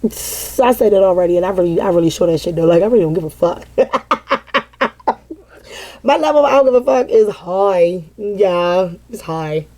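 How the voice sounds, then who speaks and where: A woman's voice: fairly low pitch, animated, normal speed, warm tone. A woman giving a casual vent session to her viewers as a tarot reader, dramatic and profane, often breaking into laughter.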